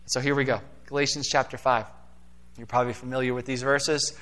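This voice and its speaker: A man, the church's pastor, preaching a casual, animated sermon in a church and acting out quoted voices along the way. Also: medium pitch, fairly quick. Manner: animated, acts out quoted voices, conversational asides. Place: church sanctuary.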